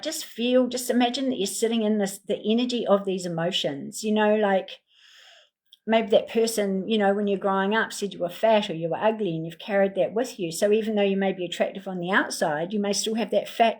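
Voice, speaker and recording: Soft-spoken woman guiding a meditation. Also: medium pitch. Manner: slow, soothing, repetitive guiding prompts with many fillers. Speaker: healing facilitator. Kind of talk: guided emotional healing meditation.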